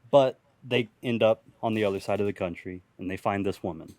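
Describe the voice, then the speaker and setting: Low-voiced young man rambling a profane story. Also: a little fast, hardly any pauses, a little mellow, dry recording. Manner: rambling, profane, laughs at own jokes. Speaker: podcast host telling an improvised story. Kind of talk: casual improvised storytelling.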